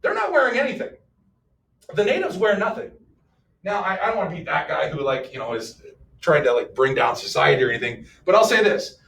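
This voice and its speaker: A man with a high-pitched, gravelly voice teaches a history class a little fast, animated and joking as he quizzes his students. The distant mic picks up classroom echo and a little hiss or hum.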